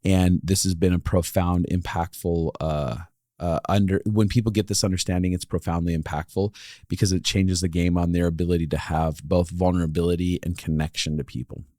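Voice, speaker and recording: A man's voice: low-pitched, flat delivery, fairly quick, warm tone, dry recording, clean studio sound. A man co-hosting a relationship podcast, chatting casually, laughing often and rambling with restarts. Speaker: podcast co-host. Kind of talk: casual chat.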